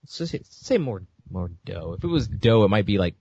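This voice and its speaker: Male podcast host, low voice, dry dull lo-fi sound, loose rambling delivery. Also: big pitch swings, fast, a little mellow, slightly rough, dry recording. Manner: rambling, many fillers and restarts. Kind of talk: casual gaming news chat.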